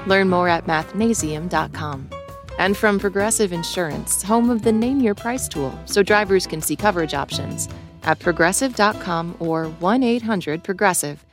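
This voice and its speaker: A woman announcer reading sponsor messages in a neutral, even way. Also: on the low side, normal speed, music in the background. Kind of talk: underwriting announcement.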